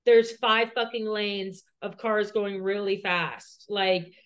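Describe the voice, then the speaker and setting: With a medium pitch, little pitch movement, and a slow pace, this woman co-hosts a podcast. Her personal story rambles along, profane and heavy on "like".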